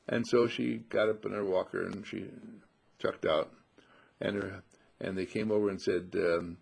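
A man's voice: sits low, measured pace, a little mellow, a little hiss or hum. A man hosting a short radio talk, telling a folksy anecdote and quoting the people in it. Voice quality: gravelly and husky. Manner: folksy anecdotal storytelling with quoted dialogue. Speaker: radio host and healing teacher.

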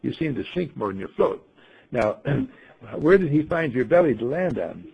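Husky, gravelly man telling a folksy story. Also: mid-range voice, normal speed, rough recording. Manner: folksy, rhetorical, lively, clears throat often. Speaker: group leader telling a story. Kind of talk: storytelling talk to a group.

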